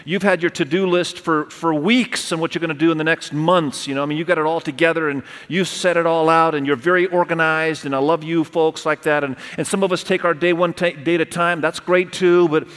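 Middle-aged guy preaching, kinda high voice, big echoey church hall, keeps asking the crowd stuff. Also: fairly quick, hardly any pauses. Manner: animated, talks straight to the congregation with questions. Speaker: pastor. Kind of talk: sermon. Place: church auditorium. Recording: long hall reverb.

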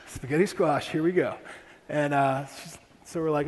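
Speaking unhurriedly in a slightly high voice, a young Ohio pastor tells a family story during his sermon and keeps posing rhetorical questions to the congregation. The recording carries faint ambience and the long reverb of a large hall.

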